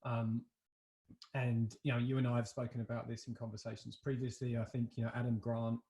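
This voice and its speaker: A man hosting a podcast, with a dark, mellow voice and a gravelly edge. He reflects out loud before putting his question to the guest, and his talk is full of "you know" and "sort of.". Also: medium pitch, flat delivery, fairly quick. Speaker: podcast host. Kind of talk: conversational interview.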